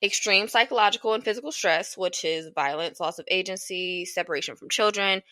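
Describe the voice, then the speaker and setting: A woman's voice: medium pitch, brisk, bright, forceful tone, dry recording. A young woman hosting a podcast, giving casual advice in a blunt, emphatic way, swearing freely and repeating lines for emphasis. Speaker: podcast host.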